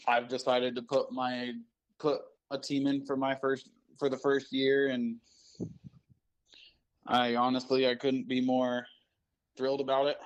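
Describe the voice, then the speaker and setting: Flat-voiced man on a dull phone line. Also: mid-range voice. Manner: earnest, with restarts. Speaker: guest on the phone. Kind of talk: casual chat.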